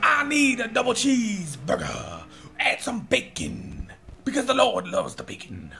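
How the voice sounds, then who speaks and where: A man's voice: extremely high pitch, huge pitch swings, a little slow, creaky, soft background music, voice pushed up, full character voice. Man mimicking a bellowing TV preacher. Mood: mock preaching. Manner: shouts each phrase with a grunted "ah" after it. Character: bellowing TV preacher man, over-emphatic, grunting "ah".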